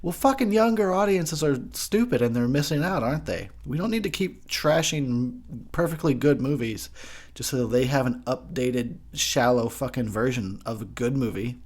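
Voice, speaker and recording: A man's voice: mid-range voice, expressive, moderate pace. A tipsy man hosting a movie commentary, ranting and swearing freely while laughing often. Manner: profane, ranting, laughs a lot. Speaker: host.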